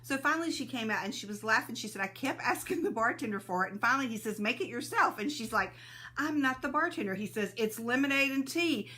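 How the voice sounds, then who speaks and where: A woman's voice: a little high, expressive, fast talker, bright, forceful tone. A woman hosting a casual live stream, greeting viewers by name and laughing often, a little sneezy and teary-eyed.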